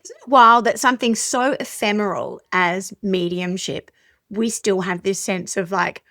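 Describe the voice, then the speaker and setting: A woman's voice: mid-range voice, a little slow, fairly bright tone, no echo, clean studio sound. A woman hosting a podcast interview, eagerly jumping in with reactions and comments. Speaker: podcast host. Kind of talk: casual interview chat.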